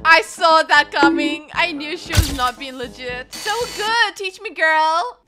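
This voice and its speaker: Sassy high-voiced woman gaming commentator. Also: measured pace, background noise. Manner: sassy, teasing, reads chat aloud with attitude. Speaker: gaming YouTuber. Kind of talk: playful gameplay commentary. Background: background music.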